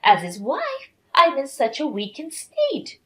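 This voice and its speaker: A sick young wife pleads in a high, whining voice, bitter and spiteful underneath, as a woman narrator puts her on. Her tone swoops widely as she complains. It is a storybook drama read aloud. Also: wildly swooping pitch, unhurried, sharp tone, heavily acted. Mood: whiny.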